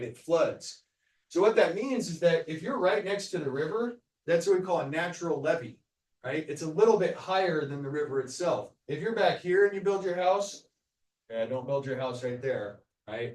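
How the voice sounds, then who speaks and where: A man lecturing a class, loose and joking, tagging his points with "right?". His voice sits a little high for a man. He sounds set back from the mic, with the lecture hall's echo around him. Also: far from the mic. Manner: casual, joking, tags sentences with "right?". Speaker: university lecturer. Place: lecture hall. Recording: echoey lecture hall, speaker off mic.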